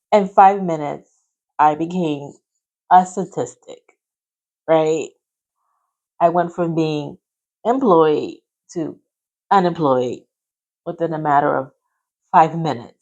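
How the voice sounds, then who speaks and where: A woman telling a personal work story in a casual, animated way, acting out what others said. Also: low voice, lo-fi sound. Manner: animated, acts out quotes of others. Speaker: podcast host telling her story.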